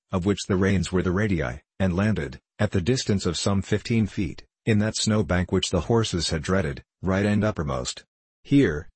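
Deep husky male narrator. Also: no room sound. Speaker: audiobook narrator. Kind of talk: scripted narration of a classic novel.

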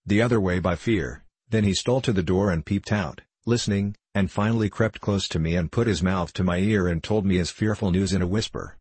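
A man's voice: deep voice, a little mellow, husky, no echo. A man narrating an audiobook in the first person, with a wry storytelling manner.

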